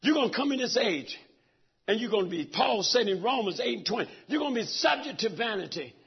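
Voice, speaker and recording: Middle-aged preacher, very high raspy voice, dull lo-fi church recording. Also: male voice, very animated, fairly quick. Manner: preaches fervently, swinging from soft talk to shouts. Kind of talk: sermon. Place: church sanctuary.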